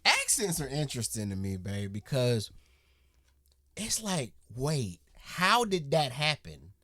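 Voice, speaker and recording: A man co-hosting a reaction video, relaxed and musing, saying "y'all.". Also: medium pitch, takes it slowly, dry recording. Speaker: reaction channel co-host. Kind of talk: casual reaction chat.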